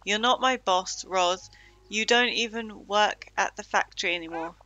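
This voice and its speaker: A woman's voice: mid-range voice, normal speed, bright, forceful tone, lightly acted, low-quality recording. A woman reading aloud the lines of an anxious, defensive male monster from a game. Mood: indignant. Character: anxious male one-eyed monster, self-styled talent.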